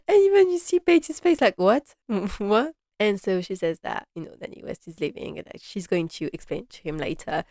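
A woman's voice: mid-range voice, no room sound. Chatty woman recapping a drama, dry sound. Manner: chatty, animated, many "like" fillers, acts out characters' lines. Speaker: fan reviewing a TV drama episode. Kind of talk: casual recap commentary.

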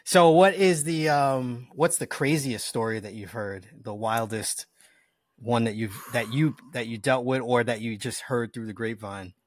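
A man's voice: mid-range voice, steady tone, moderate pace, no room sound. A man with a mid-range voice tells a story in an easy, casual way, chuckling now and then. The sound is dry and close, with no room in it. He is a detective hosting an interview. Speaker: detective, podcast host.

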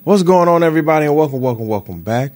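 A man hosting his own podcast from home, talking in a casual, slangy, animated way as he tells stories to his listeners. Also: a little high, rapid-fire, heavy background noise. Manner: animated, slangy, chatty storytelling. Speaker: podcast host. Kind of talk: casual solo podcast chat. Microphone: computer mic with echo cancellation.

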